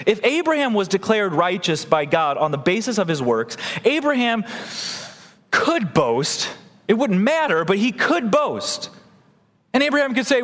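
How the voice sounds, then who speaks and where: A man preaches to his congregation with a high, lively voice that swoops and climbs as he acts out the people he quotes. His delivery is animated and expressive. The sound carries the long reverb of a church hall. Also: measured pace. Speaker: pastor. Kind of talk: sermon.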